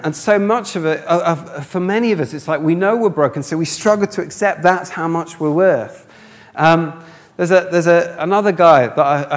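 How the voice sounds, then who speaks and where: A man preaching a sermon, telling stories and acting out the people in them with animated delivery. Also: a little high. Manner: animated, acts out characters in his stories. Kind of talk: sermon with storytelling. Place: church hall with live audience. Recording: long hall reverb.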